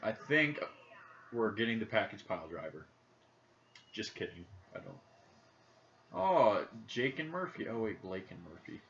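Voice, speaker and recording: A man's voice: fairly low pitch, very animated, unhurried, pauses often, a bit bright. A young man with a Midwestern accent, rambling and joking in a casual chat while playing a video game. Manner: rambling, jokey, thinks aloud. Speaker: podcast co-host. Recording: dull lo-fi audio, faint background noise.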